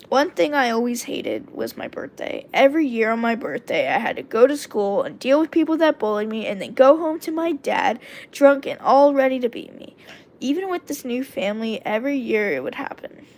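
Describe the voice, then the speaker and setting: A woman's voice: fairly high pitch, very animated, moderate pace. A woman streamer reading her own first-person story aloud, talking casually and breaking off for asides to her viewers. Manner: casual, with self-corrections and asides to chat.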